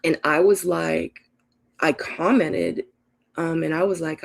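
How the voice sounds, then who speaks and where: A middle-aged woman with a low, creaky voice hosts a casual live Q&A, keeping a steady tone and taking things slowly. She reads viewer comments and tells stories in a chatty, emphatic way, acting out the quotes.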